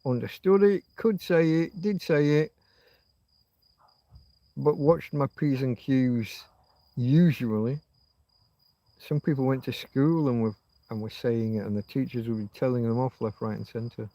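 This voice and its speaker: A man's voice: mid-range voice, unhurried, long pauses, mellow, no room sound. A middle-aged man from Yorkshire with a Yorkshire accent, rambling and musing on a casual livestream chat as its host. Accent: Yorkshire English. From Yorkshire, England. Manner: musing, meandering, drifts between thoughts.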